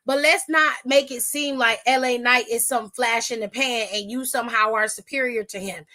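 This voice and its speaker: Woman, high voice, young adult, podcast host, blunt, profane, casual recap. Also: a bit bright. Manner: blunt, profane, with acted-out quotes.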